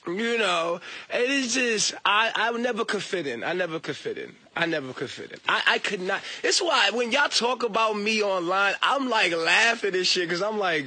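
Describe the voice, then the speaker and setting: Bright, husky-voiced man ranting casually. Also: high voice, a little fast, few pauses. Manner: profane, animated, mocking, laughs at himself. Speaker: online talker. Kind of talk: casual rant.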